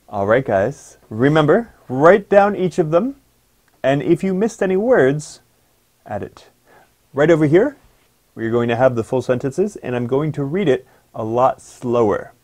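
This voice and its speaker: A man's voice: mid-range voice, expressive, darkish tone. A man teaching an English pronunciation lesson for exam students, giving instructions and emphatic reminders. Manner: slow deliberate dictation of example sentences.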